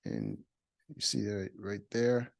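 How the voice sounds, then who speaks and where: A man's voice: on the low side, very animated, takes it slowly, gravelly. A man casually reviewing a reality show episode, blunt and opinionated, with many fillers and restarts. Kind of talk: casual recap commentary.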